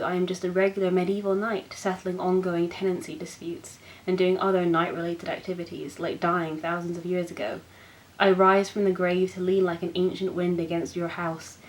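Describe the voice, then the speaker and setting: A young woman hosting a book channel, reading poems aloud in an expressive, self-mocking way. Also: fairly low pitch, rough recording. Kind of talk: poetry reading.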